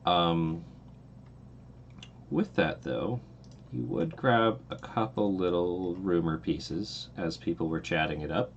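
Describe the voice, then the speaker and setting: A very deep-voiced man narrates a tabletop game as its game master. He rambles comfortably through the scene with plenty of fillers, and a faint hum of the room sits under his voice. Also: takes it slowly, dull audio. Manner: relaxed and meandering, with many fillers.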